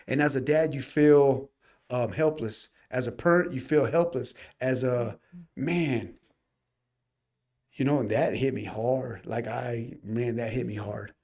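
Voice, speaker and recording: A man's voice: medium pitch, darkish tone. Earnest man telling a story. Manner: earnest, emphatic, addresses listeners as y'all. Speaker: podcast co-host. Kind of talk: casual storytelling chat.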